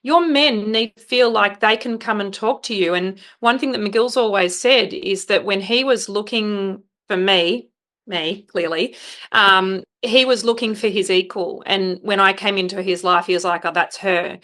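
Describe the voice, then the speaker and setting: Female podcast host, bright and forceful tone, frank, assertive. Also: mid-range voice, unhurried. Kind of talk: conversational interview.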